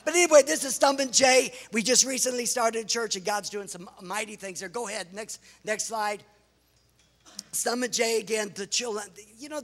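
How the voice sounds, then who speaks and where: A middle-aged American man with a high voice, a pastor and missionary, tells lively stories full of laughs and exclamations during a sermon with slides. He's in a large church hall before a congregation, and the recording echoes with the hall's reverb.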